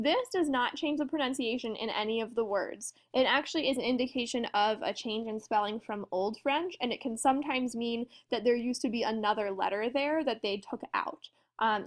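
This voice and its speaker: A woman teaching a lesson in a friendly, explanatory way, often asking her students questions. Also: a little high. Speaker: French teacher. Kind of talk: classroom lesson walkthrough.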